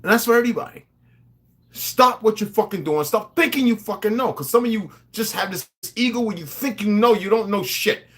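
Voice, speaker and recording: A man's voice: sits high, a little fast, a bit bright. A man delivering a profane, confrontational monologue, lecturing his viewers.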